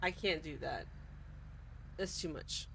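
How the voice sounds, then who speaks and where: A woman's voice: deep voice, slow, vocal fry, background noise. A woman streamer chatting casually while she plays, exasperated and ranting, swearing often. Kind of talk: casual roleplay stream chat.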